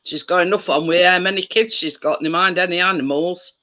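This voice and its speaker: A man rambling in casual chat with friends, halting and restarting. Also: high voice, steady tone, sharp tone. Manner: rambling, halting, laughs often. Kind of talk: casual banter among friends.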